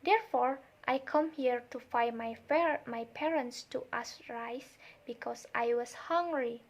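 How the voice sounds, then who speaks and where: A woman's voice: high voice, unhurried. A young woman voicing a poor, hungry orphan boy who pleads and apologizes. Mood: pleading.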